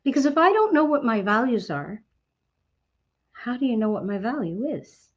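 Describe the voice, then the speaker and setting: A Canadian woman giving a motivational talk to a business network. She is outgoing and animated, and she often asks questions and then answers them herself. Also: a little high, moderate pace, highs cut off.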